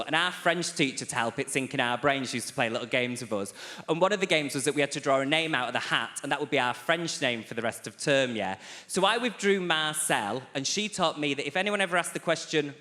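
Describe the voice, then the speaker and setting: Animated man doing stand-up. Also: mid-range voice, a little fast. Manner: animated, camp storytelling with sharp asides. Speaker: stand-up comedian. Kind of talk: stand-up routine. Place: large theatre on stage. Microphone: handheld stage mic. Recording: roomy live theatre sound. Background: audience laughter.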